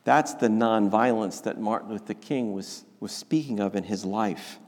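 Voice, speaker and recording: A man preaching a sermon, slow and emphatic, often restarting his phrases. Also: fairly low pitch, a little mellow. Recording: long reverb of a large hall.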